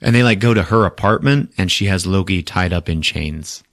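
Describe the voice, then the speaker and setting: A man's voice: deep voice, moderate pace, no room sound, clean studio sound. A man hosting a podcast, recapping a movie in a casual, profane way with frequent laughter. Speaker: podcast host.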